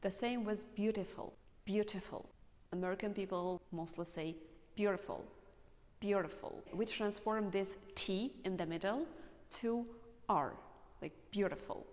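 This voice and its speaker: A woman English teacher explaining pronunciation to learners, speaking slowly and carefully and repeating example words. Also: medium pitch, darkish tone, long reverb tail.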